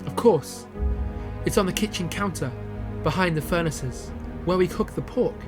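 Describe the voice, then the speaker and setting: A reader voicing an eager young woman adventurer who answers quick and chirpy. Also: mid-range voice, music in the background, pitched above the performer's own voice, close to an everyday voice.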